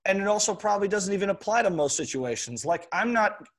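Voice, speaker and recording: A man's voice: sits high, animated, fast talker. Earnest man explaining an analogy. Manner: frequently clears his throat. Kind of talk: casual conversation.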